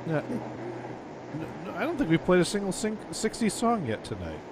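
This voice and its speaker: A man's voice: high voice, wildly swooping pitch, normal speed, noisy background. A man hosting a casual radio show, chatting about old records with a rambling manner, often repeating words and chuckling.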